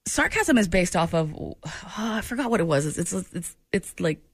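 Animated woman radio host. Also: normal speed, slightly rough, no room sound, studio quality. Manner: animated, giggly, swings into high squeals. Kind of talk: casual radio banter.

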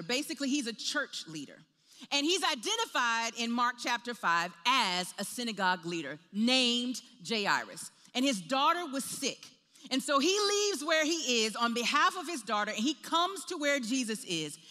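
A woman preaching a sermon, telling a personal story in an animated way and acting out the voices in her quotes. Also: high voice, long reverb tail.

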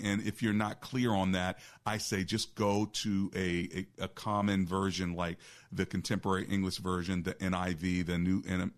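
A man hosting a call-in radio show as a pastor, talking conversationally with preacherly asides. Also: deep voice.

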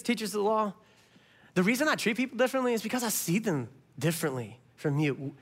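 A male pastor preaching a sermon, telling the story with animated, impassioned delivery that swings between loud and soft. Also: high-pitched. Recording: long reverb of a large hall.

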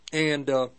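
An older man preaching and telling a personal testimony in a halting storytelling way, with many restarts. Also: fairly high pitch, creaky, a bit bright. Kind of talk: testimony sermon.

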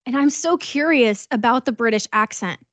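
A woman's voice: a little high, expressive, normal speed, no room sound. A woman co-hosting a podcast, chatting about celebrity news in a curious manner that trails off. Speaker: podcast co-host. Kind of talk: casual gossip chat.

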